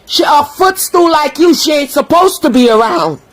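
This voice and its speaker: A woman's voice: high voice, lively intonation, normal speed. An angry woman ranting on a livestream, cursing and scolding, sometimes breaking into prayer. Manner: heated, cursing, scolding, prays aloud. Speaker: social media commentator.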